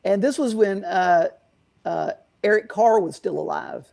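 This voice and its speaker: A man being interviewed who owns a guitar shop and tells loose, meandering anecdotes. He stops often for fillers, and his voice has a steady gravelly rasp. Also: high voice, measured pace. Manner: rambling, many fillers and restarts. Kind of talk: casual storytelling interview.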